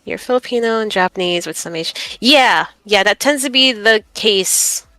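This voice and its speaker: A woman from Hawaii chats on a livestream, stopping often with fillers and small giggles. Her voice is bright and clear. It sounds dry and close, with no room around it. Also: medium pitch, moderate pace, no echo, faint music behind. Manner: hesitant, many fillers, giggly. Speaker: roleplay group member on a stream. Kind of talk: casual stream chat.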